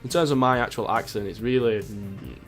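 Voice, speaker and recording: Low-voiced young Mancunian man rambling. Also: fairly quick, soft background music. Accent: Greater Manchester with a touch of Yorkshire. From Greater Manchester, England. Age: 20s. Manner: rambling, jokey and sweary, with many fillers. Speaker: YouTuber answering viewer questions. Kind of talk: casual Q&A vlog.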